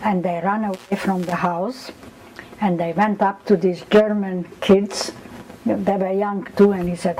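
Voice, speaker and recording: A woman's voice: medium pitch, measured pace, low-quality recording. Older woman telling a war story. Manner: animated storytelling, acts out quoted voices. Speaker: interviewee. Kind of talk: oral history interview.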